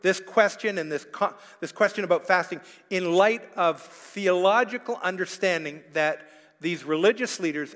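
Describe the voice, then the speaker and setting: High-voiced pastor preaching in a reverberant church. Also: male voice, fairly bright tone. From Canada. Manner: conversational preaching with asides and jokes to the congregation; frequent filler sounds and restarts. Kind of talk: sermon. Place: church hall.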